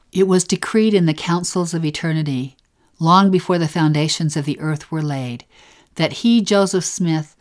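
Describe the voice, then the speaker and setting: A woman with a very low voice reads and explains scripture. Her delivery is reverent and measured. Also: darkish tone. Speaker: scripture teacher. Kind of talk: scripture discussion.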